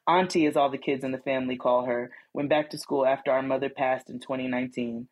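Husky low-voiced woman podcast co-host. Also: fast. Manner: reads letters aloud with lively asides and laughs. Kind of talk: casual chat, reading listener letters.

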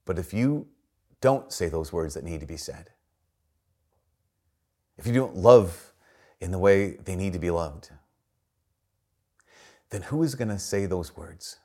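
Lively storytelling priest, low male voice. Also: a little slow, long pauses, husky. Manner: storytelling, acts out quoted voices with big pitch jumps. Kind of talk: homily.

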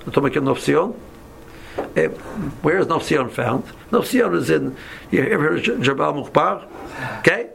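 Creaky-voiced man telling a lively story. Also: fairly high pitch, normal speed, slight background noise. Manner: animated, repeats himself, acts out quotes; mixes in Hebrew and Yiddish words. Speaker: teacher. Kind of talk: casual storytelling to a small group.

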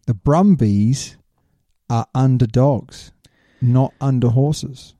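A man's voice: mid-range voice, slow pace, mellow, dry recording, studio quality. A man co-hosting a casual sports chat, full of teasing jokes and banter. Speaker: podcast co-host.

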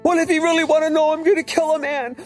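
A man voicing a distraught middle-aged man who swings between gentle and vicious, with high, strained cries. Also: level tone, quick pace, soft background music. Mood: despairing.

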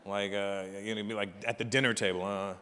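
A middle-aged man doing stand-up comedy on a live stage, talking with the audience in an animated, profane, chatty way. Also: lowish voice, a little fast. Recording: live hall with long reverb, faint ambience.

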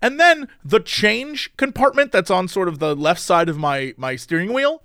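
Animated high-voiced man telling a story. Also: moderate pace, no room sound, clean studio sound. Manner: animated, exasperated retelling with swearing. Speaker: podcast host telling a story. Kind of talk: casual storytelling chat.

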